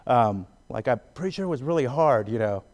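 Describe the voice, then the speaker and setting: A man from Arizona's Gila River area performs stand-up comedy, then talks in an interview as a guest, chatty and full of fillers, laughing between jokes. His medium-pitched voice has lively intonation and a darkish tone, and he speaks a little fast.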